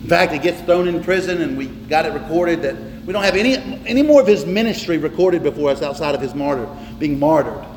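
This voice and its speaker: A man's voice: on the high side, lively intonation, quick pace, few pauses, darkish tone. A man preaching a sermon from the pulpit, emphatic and repetitive, hammering on single words. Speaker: pastor. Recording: reverberant hall with faint noise.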